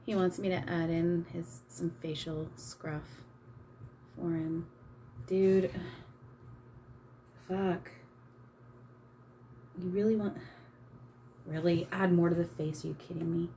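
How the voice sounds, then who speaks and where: A woman's voice: fairly low pitch, fairly even intonation, slow, pauses often, darkish tone, slight background noise. A woman chatting casually while she paints, self-mocking and embarrassed, giggling and swearing freely. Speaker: channeler and vlogger.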